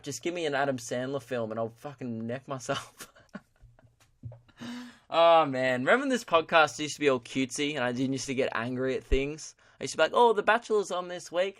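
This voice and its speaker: A man's voice: mid-range voice, fairly bright tone, no echo, clean studio sound. A young man hosting his own comedy podcast. He rants about his nights out, swears freely and breaks into laughter at his own lines. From Australia. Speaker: podcast host. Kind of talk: solo comedy rant.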